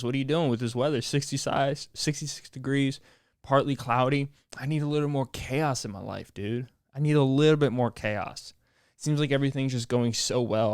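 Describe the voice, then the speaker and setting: A young man hosting a solo podcast, rambling in deadpan sarcasm and laughing at his own jokes. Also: mid-range voice, smooth, no echo, studio quality. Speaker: podcast host.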